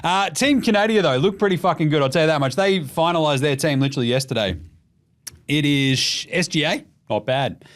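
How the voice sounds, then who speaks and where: Australian male podcast host, sweary casual chat, very lively pitch. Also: a little fast. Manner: animated, profane, mimics voices for jokes.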